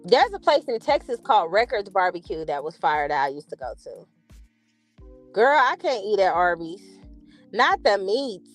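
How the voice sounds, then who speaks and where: A woman from chats casually, her voice pitched a little high clear. She is animated and expressive, swearing freely as she reacts to viewers, and faint music plays underneath. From California. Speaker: livestream host reading chat. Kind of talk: casual chat.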